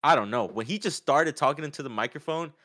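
A man talking casually about a fight, often acting out what others said in a raised, lively voice. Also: on the high side, quick pace, no echo, studio quality. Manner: animated, acts out quotes in raised voice. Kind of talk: casual sports chat.

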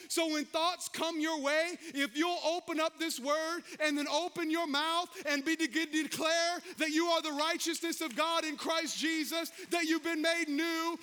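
A man preaching a sermon, animated, calling out to the congregation and slipping into folksy, joking asides. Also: very high voice. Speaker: pastor.

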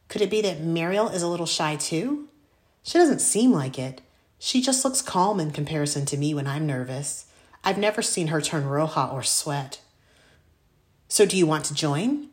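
A woman reading a children's story aloud in the first person, expressive and clear. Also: fairly low pitch, normal speed. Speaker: audiobook narrator. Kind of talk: scripted first-person narration.

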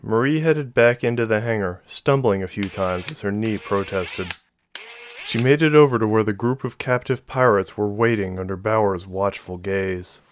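A man narrating a science-fiction novel in a steady, measured reading. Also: fairly low pitch, a little hiss or hum. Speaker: audiobook narrator. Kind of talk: scripted narration.

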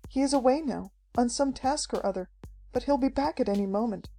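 A woman voicing a frightened but brave young woman who speaks in hushed, urgent tones. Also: a little high, brisk, faint music behind, voice pushed up.

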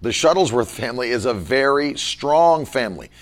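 A man leading a casual Bible-study chat as pastor, talking forcefully and emphatically. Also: medium pitch, expressive, moderate pace.

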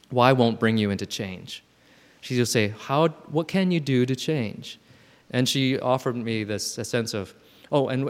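A man in his fifties giving a thoughtful, self-reflective personal talk at a gathering, often restarting his sentences. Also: mid-range voice. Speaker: speaker at a gathering. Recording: long hall reverb.

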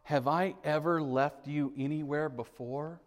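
A man voicing a calm, reassuring mother who speaks softly and explains, in a hall with long reverb. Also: a little high, a little slow, close to an everyday voice.

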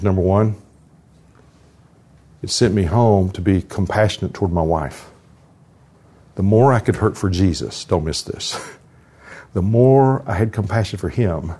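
A man's voice: fairly low pitch, a little mellow. Older man, earnest devotional speaker. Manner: earnest storytelling with prayer. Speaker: conference speaker. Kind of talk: live devotional talk. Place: conference hall.

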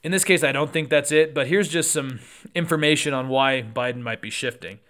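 A man hosting a solo political podcast, talking through the news conversationally with quick asides and self-corrections. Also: on the high side, a bit bright.

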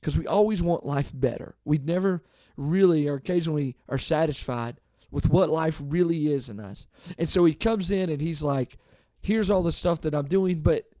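A man's voice: fairly high pitch, mellow, no echo, studio quality. Casual man leading a podcast Bible study. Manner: casual and conversational, often adding "okay?". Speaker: podcast host and Bible teacher. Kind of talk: devotional Bible talk.

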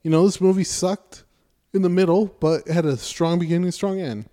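Podcast co-host, man, mellow and dark-toned, sarcastic and animated storyteller, casual and profane. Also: high-pitched, a little fast. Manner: animated retelling, acts out characters' lines with sarcasm. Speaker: podcast co-host reviewing a movie.

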